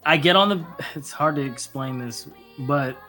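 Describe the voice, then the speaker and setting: A man's voice: fairly high pitch, normal speed, bright, forceful tone, faint music behind. A young man telling a rambling story in casual chat, acting out quotes with laughs. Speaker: podcast guest or co-host.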